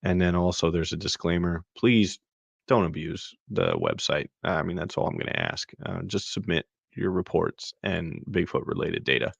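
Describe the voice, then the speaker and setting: A man's voice: low voice, wildly swooping pitch, normal speed, gravelly, husky, no room sound. A man hosting a podcast, casually walking through a web map with many fillers and restarts. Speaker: podcast host. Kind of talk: casual screen-share walkthrough.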